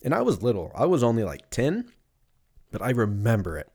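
A man rambles through a solo podcast monologue. He swears freely and jokes at his own expense. His pitch jumps all over the place as he talks. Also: wildly swooping pitch, fairly quick, a little mellow. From US West Coast. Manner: rambling, profane, jokey, laughs at himself. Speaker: podcast host.

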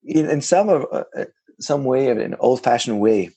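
A man being interviewed about his ocean kayak crossing, talking casually in an animated way, with frequent restarts and self-corrections. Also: mid-range voice, normal speed, breathy edge, no room sound.

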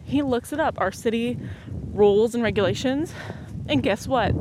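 A young adult woman hosting a podcast, telling a long story in an animated, sarcastic way with frequent laughs. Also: moderate pace. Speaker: podcast host. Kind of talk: casual storytelling monologue. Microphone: low-quality mic. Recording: noisy low-quality home recording.

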